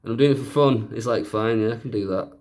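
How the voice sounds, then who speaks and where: A man's voice: mid-range voice, fast, darkish tone. A man narrating a home repair video in a chatty, joking way, making fun of himself as he works. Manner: chatty, joking, self-mocking aside-talk. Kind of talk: casual narrated repair tutorial.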